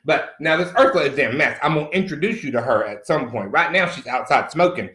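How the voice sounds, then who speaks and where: A middle-aged man, a comedy character host, talks fast in a slightly high, expressive, pushed and bright voice. He improvises a comic monologue as a brash, crude country man who curses freely and calls everyone honey, in a roomy, echoing space.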